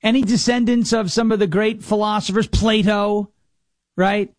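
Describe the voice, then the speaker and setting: A man's voice: high-pitched, steady tone, normal speed, no echo, clean studio sound. A man hosting a talk show, mocking and sarcastic as he comments on played clips.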